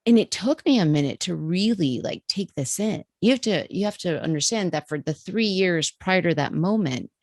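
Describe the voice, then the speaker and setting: A woman, a podcast guest, telling a personal story in a vivid, animated way. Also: lowish voice, normal speed, hardly any pauses, no echo, clean studio sound. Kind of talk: storytelling in an interview.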